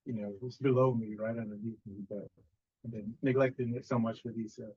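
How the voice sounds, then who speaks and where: A man sharing in a workshop, halting and hesitant, with many fillers. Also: medium pitch, fairly even intonation, a little mellow, breathy edge, dry recording, muffled recording. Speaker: workshop participant.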